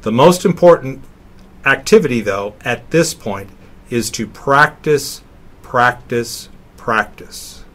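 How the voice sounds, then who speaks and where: Slow, deliberate male language teacher. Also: mid-range voice, animated, a bit bright. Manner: slow, deliberate, sounding out words. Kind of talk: recorded slideshow lecture.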